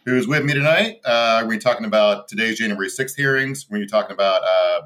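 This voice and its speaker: A man's voice: on the low side, fast, fairly bright tone. A man hosting a comedy podcast in loose, rambling casual chat, laughing often, speaking from a hotel room. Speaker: podcast host.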